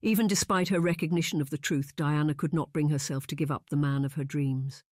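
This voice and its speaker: An audiobook narrator reading a historical romance in measured, even scripted narration. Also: mid-range voice, dry recording, studio quality.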